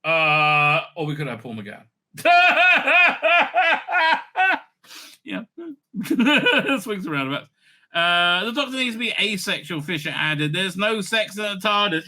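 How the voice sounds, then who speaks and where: A man's voice: sits high, very animated, slow, sharp tone. A man hosting a channel, giving sarcastic, profane commentary over clips and dropping into exaggerated mocking voices.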